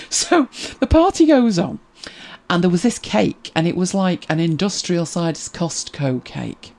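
Speaking a little slowly with vocal fry, a British woman chats on a casual livestream. She reads viewer comments and tells wry stories, her pitch swinging lively as she goes.

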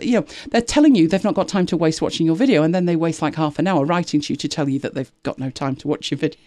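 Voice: mid-range voice, lively intonation, quick pace, few pauses, darkish tone, dry recording. A host of a tech live show chatting casually, rambling with frequent restarts and exasperated asides. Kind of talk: casual chat.

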